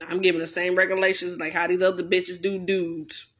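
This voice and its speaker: A woman's voice: lowish voice, level tone, fairly quick, fairly bright tone. A woman vlogger in a blunt, profane, heated casual rant. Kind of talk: casual ranting monologue.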